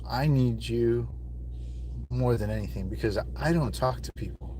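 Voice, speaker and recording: A man's voice: medium pitch, normal speed, dark tone, slight background noise. A man talking casually to viewers on a live stream from his phone, rambling and emotional and swearing often, seemingly from inside a car.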